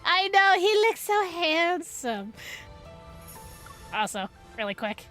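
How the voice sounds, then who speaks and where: A bubbly woman chatting with her live-stream viewers, her voice high and her pace unhurried. She giggles and jokes easily, with faint music in the background. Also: very animated, bright, forceful tone. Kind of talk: casual live-stream chat.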